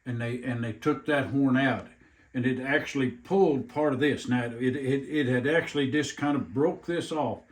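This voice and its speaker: Halting older taxidermist with drawl. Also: male voice, medium pitch. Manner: slow, halting, repeats words, rural grammar. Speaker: taxidermist guest. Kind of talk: casual chat.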